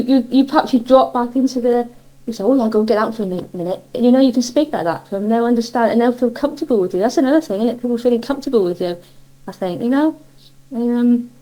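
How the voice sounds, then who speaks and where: A woman's voice: a little high, dark tone, rough recording. A middle-aged woman from Cornwall with a Cornish accent, chatting in an interview and reminiscing in a rambling way with frequent self-corrections. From Cornwall, England.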